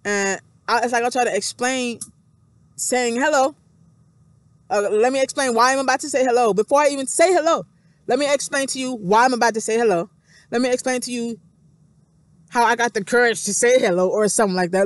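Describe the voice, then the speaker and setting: A woman vlogger thinks aloud in a casual, rambling monologue, repeating herself, reflecting on herself, and reading scripture aloud between thoughts. Her voice is a little high and a little fast, with no echo.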